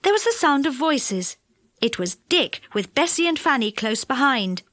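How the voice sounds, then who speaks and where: A woman reading a children's storybook aloud, her fairly high voice rising and falling in a very lively, animated way. The recording is close and dry, with no room sound. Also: normal speed, dry recording. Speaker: audiobook narrator.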